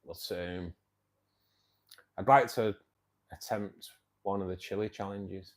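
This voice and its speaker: Chatty man, lowish voice. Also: fairly even intonation, takes it slowly, pauses often. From England. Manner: rambling, chatty, lots of fillers and restarts. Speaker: fishkeeping club host. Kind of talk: casual live-stream chat.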